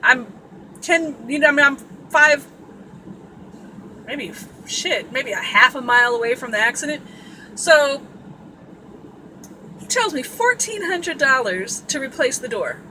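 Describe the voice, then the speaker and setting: A woman from Sacramento tells a story in a loose, chatty vlog style, blunt and full of cussing. Her voice is bright and sharp and sits a little high. A faint noise runs under it. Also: a little slow, long pauses, poor audio. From Sacramento, California. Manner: blunt, profane and animated. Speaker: vlogger. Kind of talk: casual storytelling.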